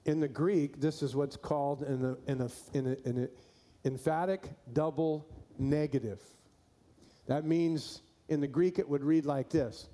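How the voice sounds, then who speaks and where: A man's voice: fairly high pitch, moderate pace, mellow. A man preaching a sermon to his church, folksy and repeating key phrases for emphasis. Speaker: pastor.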